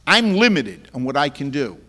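A man preaching a sermon in an earnest, conversational way, repeating key phrases as he speaks to his congregation. His voice sits high for a man. The room gives a long, hall-like reverb behind him. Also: sing-song, moderate pace, pushed and bright. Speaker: pastor.

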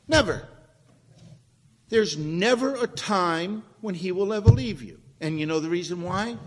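A man's voice: sits high, a bit bright, big-room sound. A pastor preaching a sermon to his congregation in a conversational way, asking them questions as he goes. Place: church sanctuary, also streamed online.

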